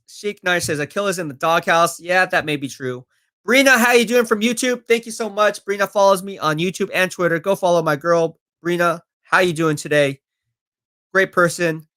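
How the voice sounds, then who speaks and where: Live-streaming about football, a man with a high voice and a sharp tone reads out comments from viewers and responds confidently and conversationally.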